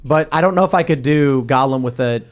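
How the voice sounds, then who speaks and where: A man's voice: medium pitch, a little fast. A man hosting a podcast, reading viewer comments aloud and chatting casually with wry, jokey asides. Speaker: podcast host.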